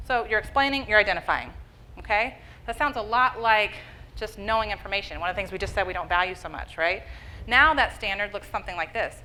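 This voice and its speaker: A woman giving a public lecture on education, explaining in a lively way and checking in with the audience with "okay?" and "right?". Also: mid-range voice, brisk, a little hiss or hum, low-quality recording.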